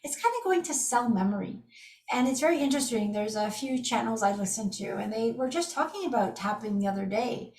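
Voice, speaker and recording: A woman's voice: on the high side, fairly quick, far from the mic. A middle-aged woman teaching an energy healing method in an enthusiastic, casual storytelling way. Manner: enthusiastic, storytelling with lively asides. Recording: echoey room, from off the mic.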